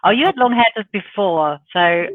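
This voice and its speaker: A woman's voice: medium pitch, expressive, normal speed, dry recording. A woman chatting casually on an online show. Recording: tinny phone-like line.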